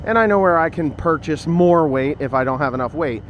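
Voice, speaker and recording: A man's voice: fairly high pitch, expressive, a little fast, a bit bright, slight background noise. A man in his fifties, a farmer, chatting to the camera outdoors among his equipment in a rambling, offhand way with a dry sarcastic streak. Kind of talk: casual farm vlog talking to camera.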